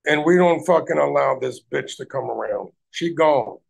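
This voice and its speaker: A man's voice: a little high, normal speed, gravelly. A man hosting a livestream, ranting heatedly at people in his chat and swearing heavily. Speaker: livestream host.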